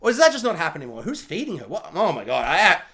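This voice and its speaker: A man's voice: on the high side, huge pitch swings, quick pace, pushed and bright. A man giving a casual spoiler film review, rambling with lots of "like" and firing off questions.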